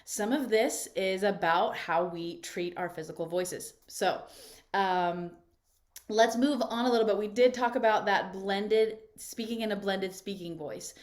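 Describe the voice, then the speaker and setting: Leading a live online workshop by video call, a woman voice coach speaks at a medium pitch. Her manner is encouraging and chatty, with lots of "right?" check-ins.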